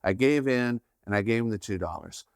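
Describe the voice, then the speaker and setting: A man's voice: lowish voice, a little fast, smooth, no echo, studio quality. A man hosting a podcast, giving a conversational faith teaching in an earnest tone, often checking in with "right?". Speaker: podcast host.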